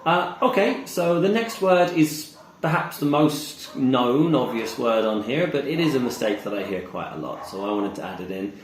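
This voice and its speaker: A man teaching English pronunciation, slowly modeling words and repeating examples. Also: medium pitch, expressive. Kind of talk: pronunciation lesson. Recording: echoey room with faint ambience.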